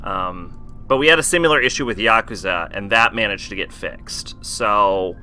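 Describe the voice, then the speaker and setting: A man's voice: lowish voice, very animated, normal speed, sharp tone, faint music behind. A man streaming a game live, chatting casually in a rambling way, full of fillers and swearing.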